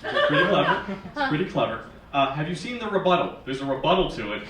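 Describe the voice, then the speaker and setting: A male stand-up comedian in his thirties with a fairly high, wildly swooping voice and a wry, sarcastic delivery. The sound is distant and very echoey, as heard from far back in a small theater, with a lively audience around him. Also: fast, crowd noise. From Northern Virginia, US. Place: small basement theater stage. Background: live audience laughing.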